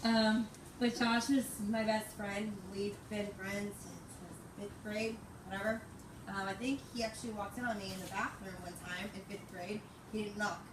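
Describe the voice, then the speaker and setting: A woman's voice: mid-range voice, steady tone, moderate pace. A young woman in her twenties giving an informal memorial tribute, rambling through anecdotes and often laughing. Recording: echoey, distant mic, background noise.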